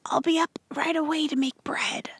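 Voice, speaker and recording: A woman reading aloud, voicing a brisk farm mother who turns hoarse with a cold, in a high, lively voice. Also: no room sound. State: hoarse and croaking when sick. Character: worried farm wife, mother, turning hoarse.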